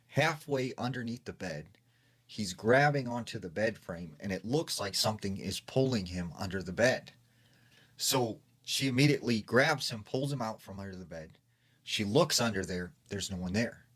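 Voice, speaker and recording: Guy telling a spooky true story, chatty, lots of like and you know, lowish voice. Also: animated, normal speed, fairly bright tone, slightly rough. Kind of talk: casual scary story retelling.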